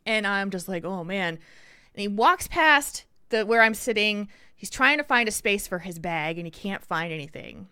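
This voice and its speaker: Woman, podcast co-host, bright clear voice, animated storytelling, dry close sound. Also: mid-range voice, moderate pace, few pauses, dry recording. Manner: animated, acts out people in the story. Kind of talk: casual storytelling.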